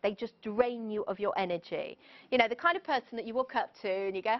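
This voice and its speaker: A woman giving a live motivational presentation, chatty and lively, often putting questions to her audience. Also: medium pitch, fast, highs cut off. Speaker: motivational speaker.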